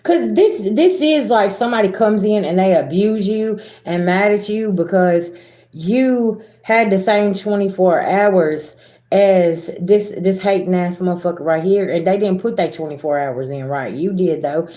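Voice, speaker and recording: A woman's voice: medium pitch, measured pace, dark tone, roomy sound. A woman with a Southern American accent giving a blunt, profane spiritual reading to her viewers, acting out arguments as she goes. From Southern United States. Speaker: spiritual reader. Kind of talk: casual tarot reading to viewers.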